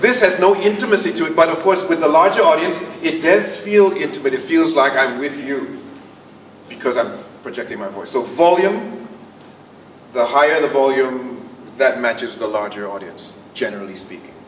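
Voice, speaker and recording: A man with a mid-range voice and moderate pace gives a speech workshop talk before a club in a meeting room. Without a mic, he projects to the whole room, occasionally dropping almost to a whisper for effect. The audio is distant and roomy, with a little room noise.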